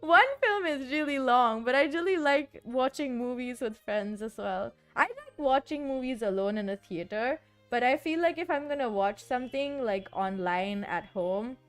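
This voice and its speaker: A woman's voice: sits high, expressive, normal speed, few pauses. A young woman streamer chatting casually and rambling, often giggling and saying "like". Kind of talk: casual chat while composing music. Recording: faint background music. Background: soft background music.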